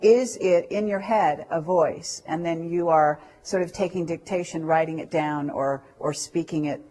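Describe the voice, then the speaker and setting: A woman's voice: fairly low pitch, normal speed, mellow. A woman interviewing a guest, phrasing her questions tentatively with many fillers and restarts.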